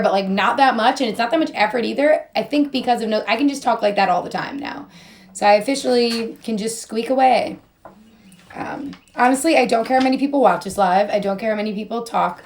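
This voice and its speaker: A young woman rambling in a goofy, sing-song way as she chats on a live stream while doing her makeup, her voice a bit strained. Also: on the high side. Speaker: model and influencer.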